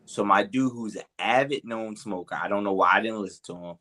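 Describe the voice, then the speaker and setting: Low, bright-voiced man chatting. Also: a little fast. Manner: laid-back, loose and rambling, with fillers. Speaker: podcast co-host. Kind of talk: casual storytelling chat.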